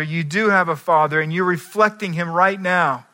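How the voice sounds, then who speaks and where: Earnest bright-voiced male preacher. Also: sits high, normal speed, few pauses. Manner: earnest preaching, shifting between soft asides and emphatic climaxes. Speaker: pastor. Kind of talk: sermon.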